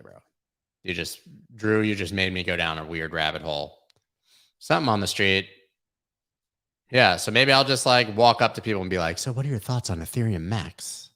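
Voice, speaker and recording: Gravelly, bright-voiced male host. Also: on the low side. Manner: rambling, joking, heavy use of filler words. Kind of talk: casual livestream chat.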